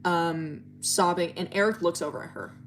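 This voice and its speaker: A woman's voice: fairly low pitch, fairly even intonation, normal speed, slight background noise. A woman livestreamer casually retelling a story, rambling with lots of fillers and swearing. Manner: rambling, full of fillers and profanity.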